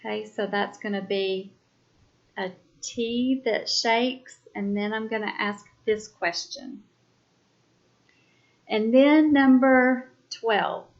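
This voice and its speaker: A woman teacher speaks very slowly and deliberately, calling out numbered items one at a time. Her voice sits a bit high. The recording is dull and lo-fi. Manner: slow, deliberate, spells out each item. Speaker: sign language teacher. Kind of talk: slow classroom quiz dictation.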